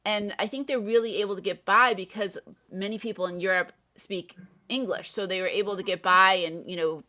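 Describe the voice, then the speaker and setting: Bright-voiced woman tutor explaining. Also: medium pitch, steady tone, brisk. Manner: thoughtful, explaining. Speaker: English tutor, guest. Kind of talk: casual chat about a film.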